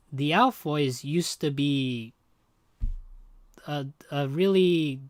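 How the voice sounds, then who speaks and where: A man's voice: a little high, no echo. Rambling, joking male game streamer. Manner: rambling and joking, chatting with viewers. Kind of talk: casual livestream chat.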